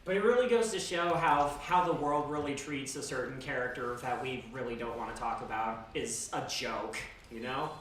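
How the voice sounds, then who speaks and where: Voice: mid-range voice, normal speed, hardly any pauses. Rambling streamer in a very echoey room. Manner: rambling, with frequent restarts and laughs. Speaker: game streamer. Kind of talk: casual chat while gaming. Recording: very echoey, distant, background noise.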